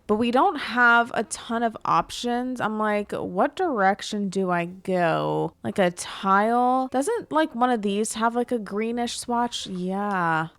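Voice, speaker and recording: A young woman talks through a house build in a life-sim game, chatty and playful as she thinks aloud. Her voice sits at an everyday middle pitch. The recording is dry and close, with no room sound. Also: a bit bright, clear, resonant tone, no room sound. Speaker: Sims building creator. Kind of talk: casual gameplay commentary.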